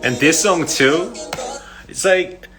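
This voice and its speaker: Soft music plays as a young man with a slightly high, somewhat bright voice chats slowly with fans over a phone livestream. He's a rambling storyteller, full of "like" fillers and quick to laugh.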